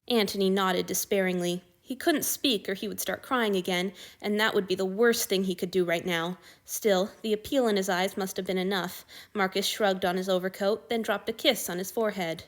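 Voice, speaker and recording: A woman narrating fan fiction aloud at a middling pitch. Her delivery is even and steady, a plain storytelling read. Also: normal speed, few pauses. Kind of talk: audiobook reading of fan fiction.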